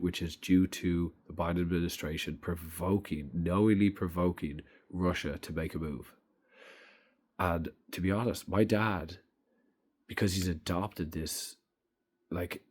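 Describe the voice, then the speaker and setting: Blunt, low-voiced man ranting. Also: a little mellow. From Ireland. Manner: emphatic, blunt and profane. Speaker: vlogger. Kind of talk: opinion monologue to camera.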